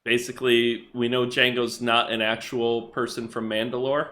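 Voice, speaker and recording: A man's voice: medium pitch, level tone, moderate pace, fairly bright tone, a little hiss or hum. A man co-hosting a podcast, recapping comic book plots in casual chat and laughing often. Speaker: podcast co-host.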